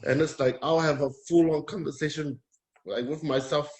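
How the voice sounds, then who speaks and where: A Polynesian man talking candidly as a guest, in a hesitant, halting, soft-spoken way. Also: fairly high pitch, fairly even intonation. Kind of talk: candid personal conversation.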